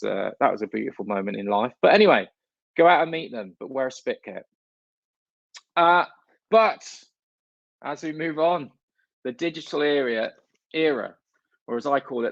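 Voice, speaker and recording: A man's voice: medium pitch, vocal fry, no room sound, dull audio. A man from northern England giving a blunt, jokey, sweary conference talk on stage. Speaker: conference speaker.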